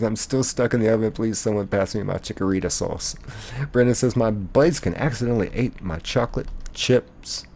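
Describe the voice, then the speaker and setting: A man's voice: lowish voice, creaky, darkish tone. A young man, live-streaming a game and playfully reading viewer chat aloud, laughing often.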